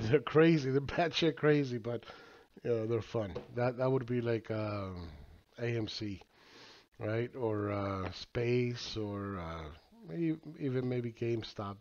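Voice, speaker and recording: A man's voice: medium pitch, darkish tone. A man giving casual, crude market commentary, rambling with filler words, profanity and laughs. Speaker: market analyst. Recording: slightly dull lo-fi audio.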